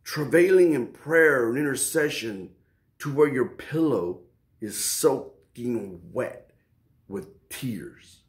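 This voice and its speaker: A man's voice: medium pitch, animated, slow pace, echoey room. A man preaching an informal sermon to prayer warriors, talking casually and emphatically and acting out quoted prayers.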